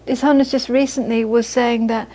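A woman's voice: on the high side, fairly even intonation, fairly quick, warm tone, poor audio. A woman giving a live Buddhist talk to an audience, earnest and repeating phrases for emphasis. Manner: earnest, repeats phrases for emphasis, laughs while telling stories. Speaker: Buddhist teacher.

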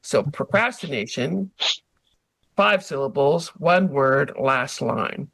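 A woman leading a haiku group, explaining their rules in a lively, rambling way. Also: mid-range voice, measured pace, dry recording. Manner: animated, explanatory, restarts often. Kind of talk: casual group interview.

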